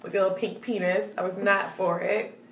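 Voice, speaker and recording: A woman's voice: mid-range voice, flat delivery, brisk, noisy background. Blunt, laughing young woman in a roomy space. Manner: blunt, profane storytelling, frequent laughter. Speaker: podcast co-host. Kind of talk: casual chat. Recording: roomy echo.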